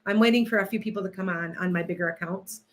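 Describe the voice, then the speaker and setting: This is a woman with a medium-pitched voice talking fast on a casual livestream. A tarot reader and host, she rambles, gets distracted and restarts many times as she sets up and talks to her viewers.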